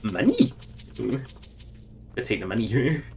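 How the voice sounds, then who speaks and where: A man's voice: mid-range voice, wildly swooping pitch, slow, darkish tone. A man streaming a video game, rambling and joking to himself in casual commentary.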